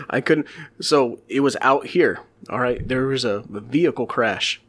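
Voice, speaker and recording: A man co-hosts a casual podcast, telling stories with lots of laughter and free swearing. His mid-range voice is fairly bright in tone and moves at a measured pace.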